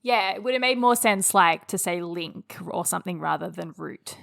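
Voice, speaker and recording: A woman co-hosts a podcast, chatting casually and giggling often. She reacts quickly to whatever her co-host says. Her voice sounds dry and close, with no room around it. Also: fairly low pitch, expressive, creaky, fairly bright tone, no echo. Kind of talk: casual chat about an anime.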